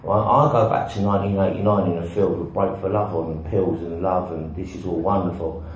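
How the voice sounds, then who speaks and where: Blunt man in a booming hall. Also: a little mellow, slight background noise. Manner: frank, blunt and self-mocking, with swearing and repeated "right?". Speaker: recovering alcoholic sharing his story. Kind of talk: personal recovery talk with self-mocking humour. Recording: very echoey, dull hall recording.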